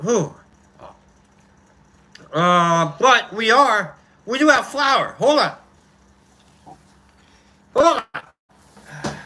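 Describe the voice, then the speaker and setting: A man hosting his own show in a casual chat, rambling loosely and sighing out loud between remarks. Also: high-pitched, big pitch swings, very slow, pauses often, poor audio. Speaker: host.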